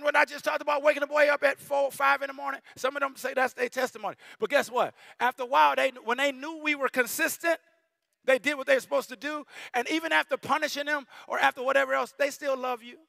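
A middle-aged man preaching a sermon in a church, animated and storytelling, rising at times to shouting. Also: very high voice, gravelly, dry recording, studio quality. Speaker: bishop preaching. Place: church sanctuary.

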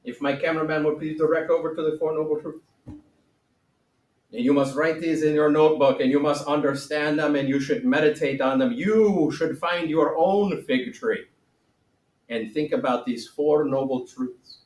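A man's voice: on the high side, normal speed, darkish tone, roomy sound, far from the mic, lightly acted, low-quality recording. A male teacher playing a jokey wise sage in comic classroom role-play, with a wobbly put-on accent and theatrical delivery. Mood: mock-solemn. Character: man playing the Buddha as a mock-solemn sage.

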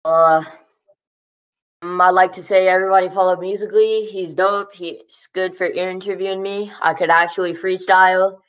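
A man's voice: high voice, flat delivery, normal speed, a bit bright, clear, resonant tone. A man from California, a guest rapper chatting loosely, laughing and swearing, short of breath after rapping. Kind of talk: casual chat between freestyles. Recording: dull lo-fi mic with faint hiss.

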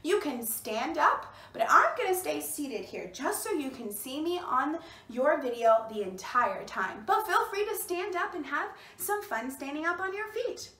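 This bilingual storytime host, seated indoors in an echoey room, has a high, animated, slightly bright voice and an unhurried delivery. She's cheerful and encouraging as she has the children repeat words after her.

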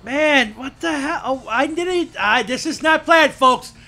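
A man calls the action of his wrestling video game in a very high, piercing voice. He swings between drawn-out, unhurried narration and loud mock-outraged shouting at the screen. Faint music plays behind him. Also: vocal fry. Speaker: gameplay commentator.

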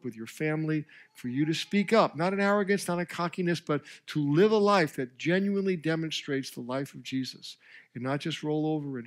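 A male pastor preaching a sermon, telling a story with emphatic, rising delivery and briefly voicing the characters. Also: on the high side.

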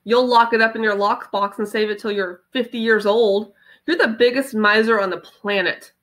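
A woman's voice: fairly high pitch, steady tone, moderate pace, a bit bright, close to an everyday voice. A woman reading aloud and voicing a hot-tempered, bragging older brother in a children's book. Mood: scornful.

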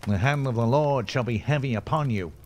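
A man's voice: on the low side, expressive, unhurried, a little mellow, a little hiss or hum. A man voicing a vain, smirking rich young man who brags and threatens. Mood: threatening. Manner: smug, scolding, self-satisfied.

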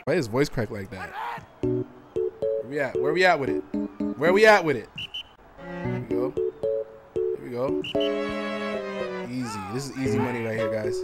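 A young man commenting casually on his own gameplay, loud, excitable and trash-talking, with frequent swearing. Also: mid-range voice, moderate pace, pauses often. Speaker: gaming channel host. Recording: voice over loud game music.

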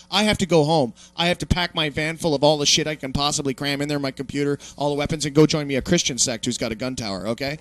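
The recording is dry, and the young man's voice is fairly high-pitched and a little fast. As host of an online talk show, he launches into a swearing, mocking, animated rant about politics.

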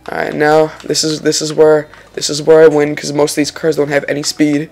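A young man giving casual, excitable let's-play commentary over a racing game, swearing and exclaiming when he makes mistakes. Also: fairly high pitch, fairly quick, vocal fry, faint music behind. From Lithuania. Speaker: gaming channel host.

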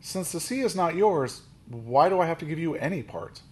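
A man's voice: a little high, expressive, moderate pace, husky, voice pushed up. A man voicing a blunt Russian sea captain. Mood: bargaining.

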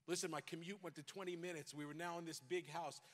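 A man's voice: a little high, fairly even intonation, quick pace. A middle-aged pastor from New York with a New York accent, preaching a sermon and exhorting his congregation with rising intensity. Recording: long hall reverb.

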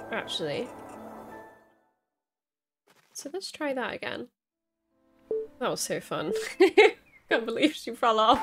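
A young woman giving excitable let's-play commentary, squealing, panicking and repeating herself as she plays. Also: fairly high pitch. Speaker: gaming YouTuber.

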